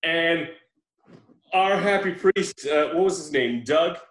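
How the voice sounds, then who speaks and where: Man, podcast co-host, casual movie recap, animated storytelling, somewhat high voice, echoey room. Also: takes it slowly. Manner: animated storytelling with laughs and mimicked quotes.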